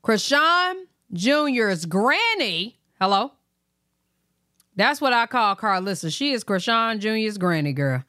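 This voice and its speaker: A woman's voice: medium pitch, normal speed, pauses often, clean tone, no echo, clean studio sound. A woman hosting a casual reaction stream, chatty and addressing viewers directly. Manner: chatty, animated, talks to viewers. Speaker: reaction host.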